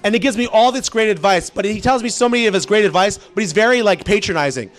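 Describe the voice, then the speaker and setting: Guy doing standup, pretty high voice, rambly and animated, talks to the crowd a lot. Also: fast talker. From immigrant background. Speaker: stand-up comedian. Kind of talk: stand-up comedy set.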